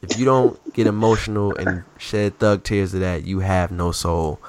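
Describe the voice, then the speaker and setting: A man chatting casually about sports as a podcast co-host, telling stories in an animated, slangy way. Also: low-pitched, normal speed, heavy background noise.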